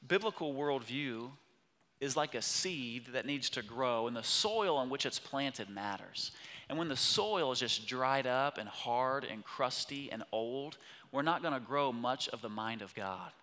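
A man preaching a sermon as pastor, impassioned, swinging from loud emphatic peaks to hushed whispers. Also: mid-range voice, expressive, a little slow. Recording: long hall reverb.

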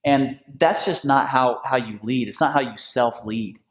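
A man hosting a faith-based conversation, preacherly and animated, with big swings in pitch. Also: unhurried. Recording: echoey room.

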